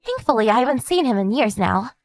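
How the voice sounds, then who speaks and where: A woman voicing a composed woman calmly explaining her sister's husband's dark past in a measured storytelling manner. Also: on the high side. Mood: steady. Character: calm woman warning her sister about a stalker ex. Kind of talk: animated story narration.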